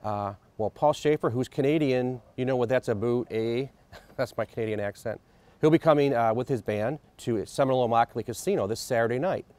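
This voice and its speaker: A man shares an entertainment news update in a chatty, playful way, with light jokes and fillers. His voice sits at a middle pitch. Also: fairly quick, darkish tone, no echo. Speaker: entertainment editor.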